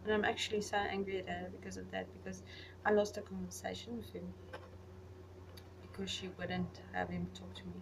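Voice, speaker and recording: A young woman vlogger casually recounting personal memories, rambling and getting animated when she retells conversations. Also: medium pitch, fairly quick, creaky. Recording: voice a little far from the mic, faint background noise.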